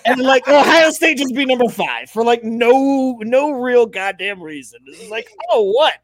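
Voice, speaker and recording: A man's voice: very high voice, lively intonation, a little slow, no room sound. A man co-hosting a casual sports talk show, rambling with lots of fillers and swearing.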